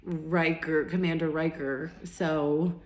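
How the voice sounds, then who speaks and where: A woman's voice: deep voice, level tone, slow pace, roomy sound, very noisy. Chatty woman telling a dating story. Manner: chatty, quotes both sides of conversations, frequent fillers and restarts. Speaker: vlogger recounting dates. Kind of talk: casual storytelling monologue.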